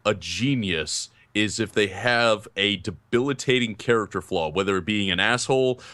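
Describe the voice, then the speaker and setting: A man co-hosting a podcast, giving a casual film review in an animated, self-deprecating way and laughing often. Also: on the low side, normal speed, dry recording. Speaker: podcast co-host.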